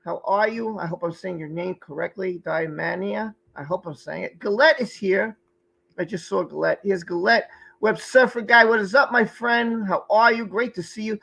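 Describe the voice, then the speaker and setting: A man's voice: high voice, normal speed, vocal fry, pushed and bright, rough recording. A man hosting a live stream, chatting casually and greeting viewers by name from the chat, sometimes stumbling over their names. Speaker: livestream host.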